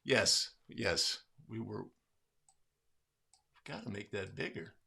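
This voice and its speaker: A man's voice: lowish voice, slow, vocal fry, pushed and bright, husky. A man hosting a livestream in casual chat, upbeat and greeting viewers by name. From California. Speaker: livestream host.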